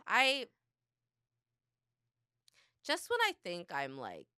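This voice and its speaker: A woman in her thirties co-hosting a podcast, chatting bluntly, swearing freely and acting out her family in loud bursts. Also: medium pitch, wildly swooping pitch, extremely slow, smooth, dry recording, clean studio sound. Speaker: podcast co-host. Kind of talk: casual chat.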